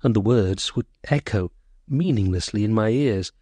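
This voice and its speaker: A man narrating a short story as an audiobook, in a measured, sorrowful first-person voice. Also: lowish voice, warm tone, slightly rough, dry recording.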